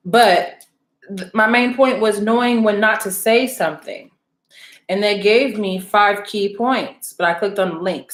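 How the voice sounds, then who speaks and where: A woman talking to her viewers as a spiritual reader in a casual, rambling monologue. She is blunt, teasing and profane, and calls her audience out. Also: mid-range voice. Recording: roomy, echoey room sound.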